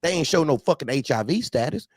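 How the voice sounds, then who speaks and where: A man's voice: on the high side, expressive, quick pace, no room sound, studio quality. A man ranting angrily on a talk show, swearing constantly and repeating himself as he gets heated. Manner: angry, swearing, repetitive outbursts. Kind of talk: heated profane rant.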